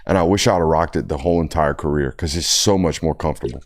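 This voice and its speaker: A man's voice: very deep voice, quick pace. A young man hosting a casual sports talk show, telling stories in a laid-back, drawling way. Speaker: podcast host.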